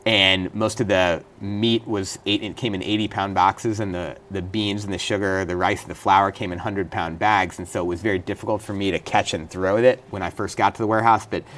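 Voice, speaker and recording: A man's voice: low voice, steady tone, fairly quick, hardly any pauses, a bit bright, a little hiss or hum. A middle-aged man, a guest in a studio interview, telling detailed stories earnestly with occasional restarts. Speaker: interview guest, former state senator and prisoner.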